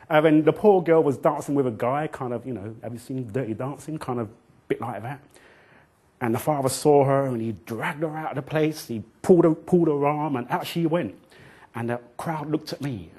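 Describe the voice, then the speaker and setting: A middle-aged man, a children's author telling animated stories to a young audience. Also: medium pitch, fairly quick, slightly rough. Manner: animated storyteller who acts out quotes and chants rhymes. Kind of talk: storytelling talk to children.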